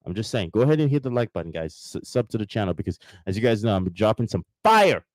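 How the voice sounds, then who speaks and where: A man's voice: on the low side, sing-song, fast talker, no echo. A man hosting a live motivational talk, repeating points emphatically and speaking straight to his viewers. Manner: emphatic, repetitive, addresses viewers directly. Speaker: host.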